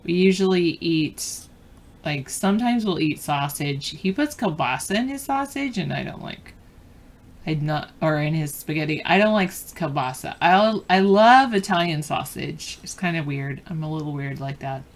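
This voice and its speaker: Woman, slightly low voice, casual live-stream co-host, chatty, reads trivia aloud. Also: animated, moderate pace.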